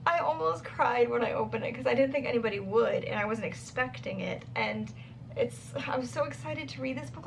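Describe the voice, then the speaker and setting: A bubbly young woman talking about books in a casual vlog, her voice set a little high. She chats freely with plenty of "like" fillers. She sits a bit back from the mic, with faint noise behind her. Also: animated, brisk, vocal fry, distant mic. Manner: bubbly, chatty, lots of "like" fillers. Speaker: book vlogger.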